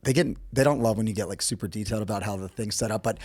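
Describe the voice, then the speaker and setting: A middle-aged American man with a husky voice talks very fast as a podcast guest, telling a casual story in dry, studio-quality audio. He animates the quotes with sudden, lively jumps in pitch.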